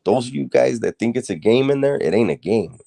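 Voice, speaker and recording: A man's voice: mid-range voice, lively intonation, brisk, vocal fry, mellow, no echo, studio quality. A middle-aged man telling a story casually, streetwise and blunt, rambling with fillers and restarts and swearing freely.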